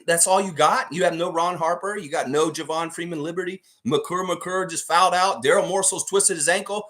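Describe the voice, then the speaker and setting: A man's voice: on the high side, a little fast, few pauses, a bit bright. A man hosting a livestream sports show, ranting heatedly and profanely at a coach with pointed rhetorical questions. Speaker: sports channel host. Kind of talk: livestream sports commentary rant.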